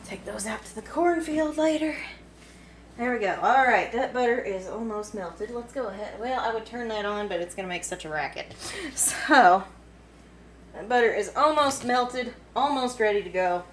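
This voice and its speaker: A woman's voice: a little high, normal speed, a little hiss or hum, rough recording. Chatty Kentucky woman cooking at home. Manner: chatty and giggly, talking while she cooks. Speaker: cooking vlogger. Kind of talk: casual cooking vlog. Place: home kitchen.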